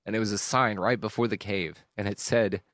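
A man hosting a podcast, talking candidly and emotionally about a hard stretch, rambling and swearing with frequent halting restarts. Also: lowish voice, steady tone, a bit bright, dry recording, clean studio sound. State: emotional at times. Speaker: podcast host. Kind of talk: candid personal monologue.

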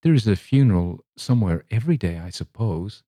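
A man's voice: fairly low pitch, animated, fairly quick, dark tone, dry recording. A man reading a storybook, voicing a polite little girl who speaks earnestly and stammers a little.

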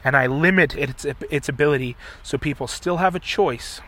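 A man's voice: a little high, moderate pace, fairly bright tone. A man acting out the lines of a resolute young male hero, solemn and declaiming. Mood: defiant.

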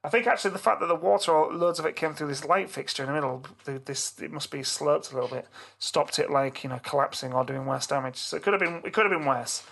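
A middle-aged man on a podcast, telling a story in casual chat with animated, swearing delivery. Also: on the high side, fast, vocal fry, few pauses. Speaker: podcast co-host.

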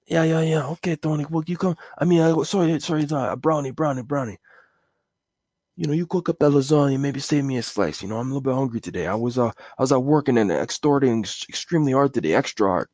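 Gruff blunt new york mobster guy, a man hamming it up, raised up high and loud, dry close sound. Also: fast talker, no echo, close to an everyday voice. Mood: wheedling. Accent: put-on New York.

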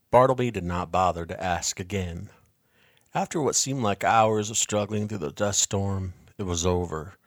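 A man with a lowish voice narrates a first-person story, calm, measured and introspective. The recording is close and dry, with no room sound. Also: dry recording. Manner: measured, quiet, reflective.

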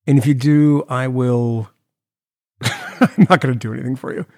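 A man's voice: medium pitch, measured pace, dry recording, clean studio sound. A man co-hosting a podcast, talking in a sarcastic, mocking way and ranting with energy. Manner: sarcastic, mocking, animated rants. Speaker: podcast co-host. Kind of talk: casual chat.

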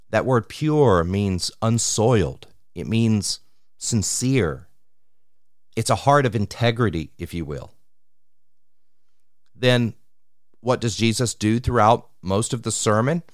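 A man preaching a sermon on scripture, measured and deliberate, slowing down to stress key words. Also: mid-range voice, no echo, studio quality. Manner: measured, slows for emphasis on scripture.

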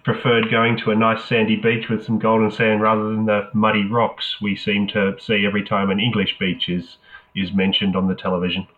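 A man's voice: fairly low pitch, monotone, fairly quick. A man with an Australian accent, a writer being interviewed remotely, easygoing and friendly. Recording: tinny, echoey call line.

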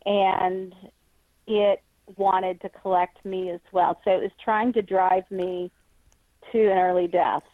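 A woman author and paranormal researcher, a guest in an interview, telling her story in an earnest, measured way. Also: mid-range voice, flat delivery, dry recording. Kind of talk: interview answers. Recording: tinny phone line.

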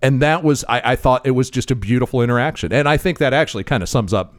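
A man's voice: medium pitch, fast talker, no echo, clean studio sound. A man co-hosting a podcast, chatting casually about politics and joking along. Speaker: podcast co-host.

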